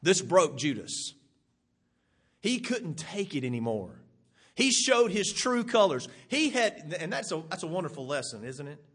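A male preacher delivers a sermon with a husky, breathy edge. His voice sits high and rises into emphatic bursts. He keeps turning to the congregation with rhetorical questions. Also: measured pace. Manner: animated, rising to emphatic bursts.

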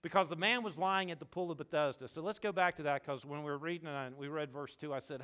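A middle-aged man preaching a sermon in a conversational, storytelling way, swinging from loud bursts to hushed tones. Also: a little high, fast talker, few pauses. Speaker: pastor.

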